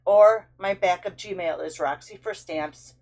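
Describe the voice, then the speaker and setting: A woman's voice: fairly low pitch, unhurried, a little mellow. A woman hosting her own vlog, telling a long frustrated story in a chatty, storytelling way with big swings in her voice. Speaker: stamping craft channel host. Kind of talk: casual vlog chat.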